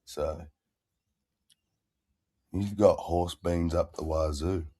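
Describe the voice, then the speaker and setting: Guy with a really deep voice, crude rambling chat, slow. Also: steady tone, warm tone, dry recording, studio quality. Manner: crude, rambling, laid-back. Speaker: stream host. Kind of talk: casual chat.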